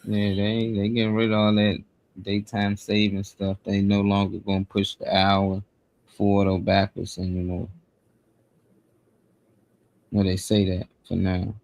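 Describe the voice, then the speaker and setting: A man co-hosting a live morning show in a relaxed, slang-heavy casual chat. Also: lowish voice, a little slow, long pauses, no echo. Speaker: co-host.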